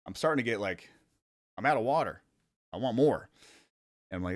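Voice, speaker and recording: A man's voice: mid-range voice, lively intonation, fairly quick, no room sound, studio quality. A young man from the Cleveland area rambling casually in a vlog, self-conscious, laughing often and swearing casually. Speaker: vlogger.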